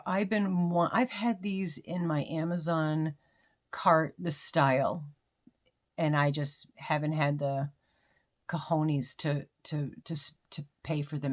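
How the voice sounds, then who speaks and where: A low-pitched woman talks through a casual unboxing at home, rambling from one story to the next. She often restarts her sentences and pokes fun at herself. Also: fairly even intonation, slow. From United States. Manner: rambling, chatty, self-deprecating with frequent restarts. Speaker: crochet vlogger.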